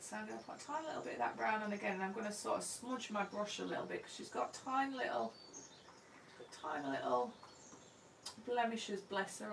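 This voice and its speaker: A woman's voice: medium pitch, vocal fry, recorded from a distance, a little hiss or hum. A woman artist talking through her painting live, chatty and self-deprecating, murmuring to herself as she works. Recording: roomy sound from away from the mic.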